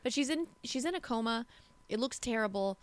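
Animated woman podcast host. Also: on the high side, fairly quick, no room sound. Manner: animated storyteller, slips into voices. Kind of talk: casual movie-discussion chat.

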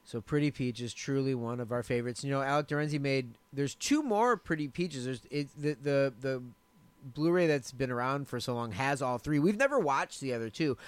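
Enthusiastic man with a smooth, resonant voice. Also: mid-range voice, animated, dry recording. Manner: enthusiastic, blunt, quick asides. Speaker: podcast co-host. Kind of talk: casual film chat.

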